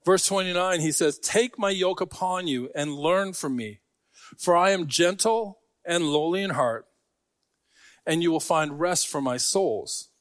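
A man's voice: on the high side, a little slow, no room sound, studio quality. A man preaching a sermon to a congregation, talking in a conversational way with joking asides. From Scarborough. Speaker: pastor.

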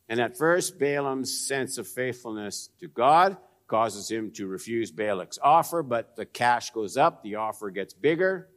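Preaching man with dramatic hushed drops. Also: lively intonation, unhurried. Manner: dramatic swings between raised emphasis and hushed, low asides; direct, probing questions to the congregation. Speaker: pastor. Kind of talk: sermon.

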